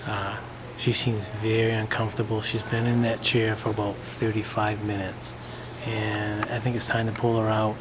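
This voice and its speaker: A man's voice: on the low side, monotone, normal speed, few pauses, roomy sound. Male ghost-hunt host, mid voice, matter-of-fact, hissy recording. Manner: plain, matter-of-fact, with some "uh" fillers. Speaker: lead investigator and show host. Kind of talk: ghost-hunt narration and wrap-up. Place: old theater.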